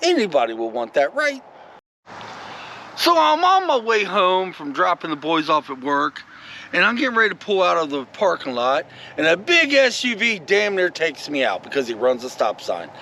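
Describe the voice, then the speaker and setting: Animated high-voiced man telling a story. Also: moderate pace, a little hiss or hum, poor audio. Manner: rambling and animated, many asides to viewers. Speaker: vlogger. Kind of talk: casual storytelling vlog.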